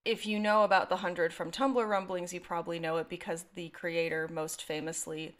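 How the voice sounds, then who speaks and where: Young woman podcast co-host with a slightly low voice, sarcastic and long-winded. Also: steady tone, normal speed. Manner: talkative, wry and sarcastic, rambling on side thoughts. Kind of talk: casual podcast chat.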